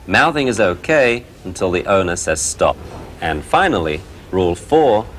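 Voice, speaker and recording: A man with a low voice leads a puppy class, his pitch swinging widely as he talks. His delivery is playful and animated. A long hall-like reverb trails behind his words. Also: a little hiss or hum. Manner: lively, playful, acts out dog voices. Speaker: dog trainer. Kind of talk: puppy training lesson.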